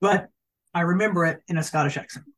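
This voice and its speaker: A woman's voice: on the low side, fast talker. A woman co-hosting a podcast in casual chat, easygoing and often correcting herself. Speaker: podcast co-host. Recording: voice a bit distant from the mic.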